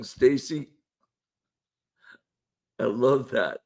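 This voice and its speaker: A man's voice: mid-range voice, big pitch swings, slow. A man hosting a casual live-stream panel show, laid-back and chuckling as he coaxes guests to join. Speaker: livestream show host.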